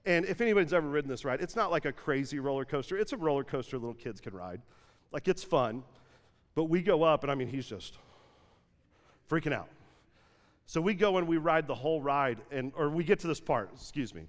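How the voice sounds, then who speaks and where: A pastor in his thirties telling a family story in a lively sermon, peppered with "like" and acted-out quotes. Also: on the high side, a little fast. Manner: lively anecdotal storytelling with frequent "like", acting out quotes. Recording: long hall reverb from a church stage.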